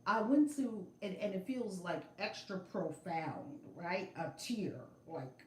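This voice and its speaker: A middle-aged woman telling a story on a casual livestream from a room at home, animated and emphatic, repeating her phrases. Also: on the low side, takes it slowly, roomy sound, a little hiss or hum. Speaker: spiritual vlogger. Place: home room with altar and shelves. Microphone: phone camera.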